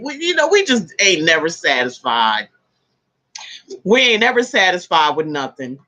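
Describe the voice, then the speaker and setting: A woman's voice: fairly high pitch, brisk. A woman hosting a casual tarot live stream, chatting with viewers, reading their comments aloud and laughing easily. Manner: laughs easily, animated exclamations.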